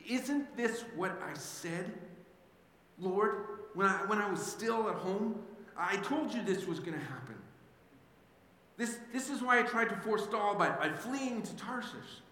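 A man's voice: sits high, animated, a little slow, pushed and bright, voice pushed up, exaggerated voice. A man voicing a furious, bitter biblical prophet who rants in indignant complaint. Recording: echoey hall with faint ambience.

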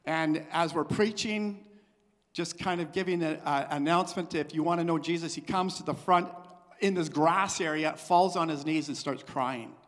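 A male missionary preacher giving a sermon testimony, swinging between hushed and loud, excited passages. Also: a little high, moderate pace. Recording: long hall reverb.

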